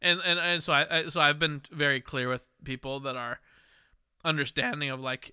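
A man's voice: fairly high pitch, flat delivery, normal speed, pushed and bright, clean tone. A tipsy, tired man hosting a late-night podcast, rambling and emphatic, laughing and cursing. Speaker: podcast host. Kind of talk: casual drunk podcast chat.

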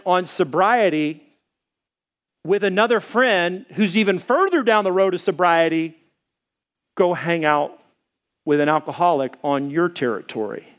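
Full of fillers and hesitant pauses, this middle-aged man's sermon unfolds as conversational storytelling from the pulpit. He raises his pitch to act out the voices of those he quotes.

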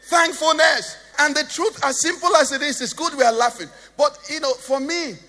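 A man's voice: extremely high pitch, normal speed, bright, forceful tone, big-room sound. A Nigerian man preaching a sermon as pastor, joking and asking the congregation questions. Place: church hall.

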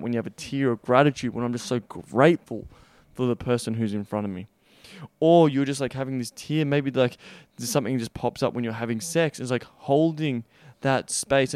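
A man hosts his own podcast as a sex coach, speaking in an emphatic motivational monologue. His voice is smooth and resonant, recorded close and dry, and he repeats his points, swears freely and stretches out the stressed words. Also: medium pitch, a little mellow, no echo.

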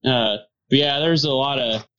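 A laid-back man co-hosting a podcast, joking and chuckling through loose chat. His voice is mid-pitched and comes through a slightly dull, muffled recording. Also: moderate pace, fairly bright tone, clean tone. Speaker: co-host.

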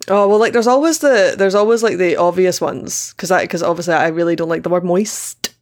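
A woman's voice: fairly low pitch, fairly quick, darkish tone. A woman with a Scottish accent, chatting as a podcast guest in a bubbly, enthusiastic way and repeating words she likes. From Scotland. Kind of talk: casual chat.

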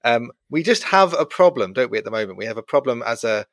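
A man's voice: medium pitch, big pitch swings, fast, fairly bright tone, dry recording. A middle-aged man with a British accent, co-hosting a chatty podcast and laughing easily. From Britain. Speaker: podcast co-host. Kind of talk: casual chat.

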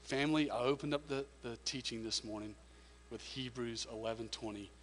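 A man's voice: medium pitch, steady tone, a little fast, long reverb tail, slight background noise. A man preaching a sermon as a pastor, earnest and emphatic, often repeating words as he goes.

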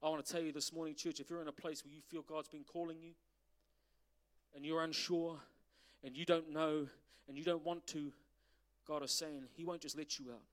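High-voiced animated preacher man. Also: moderate pace. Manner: animated preaching with rhetorical questions. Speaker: pastor. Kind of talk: sermon.

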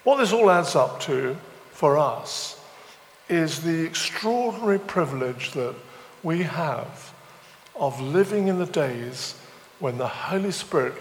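Male preacher, wry storyteller, slightly higher voice, long reverb with faint noise. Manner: humorous storytelling, self-deprecating asides. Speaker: visiting preacher. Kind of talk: sermon. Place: church weekend away venue, large room.

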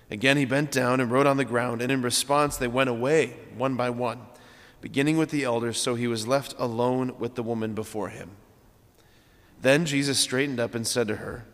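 Priest preaching in an echoing church. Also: male voice, mid-range voice, a little fast, a bit bright. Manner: earnest, emphatic repetition. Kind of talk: homily. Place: large church. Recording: long church reverb.

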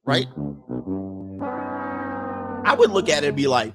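A man's voice: medium pitch, sing-song, a little slow, pauses often, fairly bright tone, breathy edge, soft background music. A man hosts a casual livestream, reading out viewer comments and answering them bluntly. He talks in loose street slang and drops short laughs between his points.

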